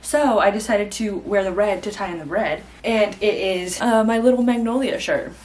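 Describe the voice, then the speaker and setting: A woman's voice: medium pitch, normal speed, a little mellow. Chatty young woman vlogging about books. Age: young adult. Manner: chatty and gushing, with many fillers. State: tired. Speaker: book vlogger. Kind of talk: casual reading vlog chat.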